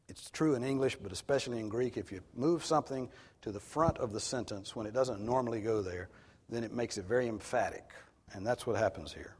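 A male pastor delivers an earnest, emphatic expository sermon. His husky voice rises and falls in lively swings of pitch. The sound trails off in the long reverb of a large hall.

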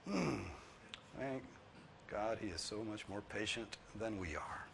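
A man preaching a sermon, earnest and pleading, repeating his points for emphasis and swinging from soft, low tones to loud, high ones. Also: expressive, slow pace, vocal fry, a little hiss or hum. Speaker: pastor.

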